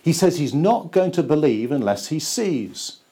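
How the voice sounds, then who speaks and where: Man preaching a slow, emphatic sermon. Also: fairly high pitch, sing-song, mellow, breathy edge. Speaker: pastor.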